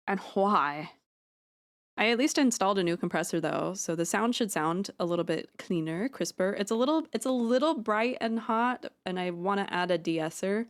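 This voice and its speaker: A woman's voice: mid-range voice, normal speed. A woman streamer talks loosely into a close microphone at home. She rambles, makes jokes at her own expense and swears freely. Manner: rambling, self-deprecating, swears freely, jokey asides. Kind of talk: casual live-stream chat while drawing. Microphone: close streaming mic.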